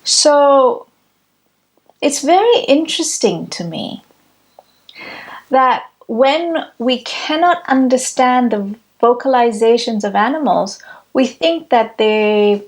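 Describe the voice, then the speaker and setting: Slow, measured woman speaker. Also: on the high side, expressive. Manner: measured, deliberate phrasing. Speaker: spiritual speaker. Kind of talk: reflective teaching talk.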